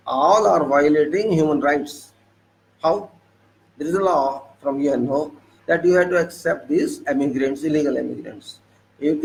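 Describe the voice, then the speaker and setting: An Indian man with a fairly high voice delivers an indignant monologue, full of rhetorical questions and repeated points. His accent is Indian English. A faint hum sits behind him. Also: rough recording. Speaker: political commentator. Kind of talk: monologue commentary.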